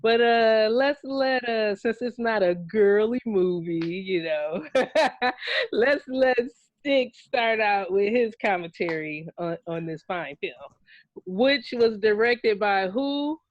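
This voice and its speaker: A woman's voice: mid-range voice, lively intonation, slow, no echo, highs cut off. A woman co-hosting a casual movie review show, chatting loosely with laughs and self-corrections. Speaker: podcast co-host.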